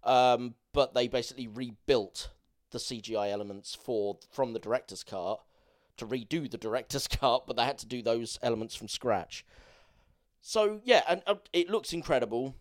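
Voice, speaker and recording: Man, podcast co-host, casual rambling film chat, enthusiastic, mid-pitched voice. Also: moderate pace.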